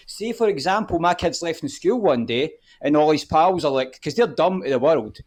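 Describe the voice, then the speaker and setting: A man's voice: fairly high pitch, animated, normal speed, a little mellow. A man, a guest on a live podcast, ranting heatedly and swearing often. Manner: fired up, swearing often, repeats "the whole point is".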